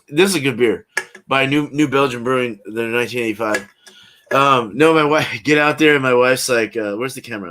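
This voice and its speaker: Slight background noise accompanies a male livestream host whose medium-pitched voice has a fairly bright tone. He banters with his live chat in a laid-back, slangy style and laughs a lot.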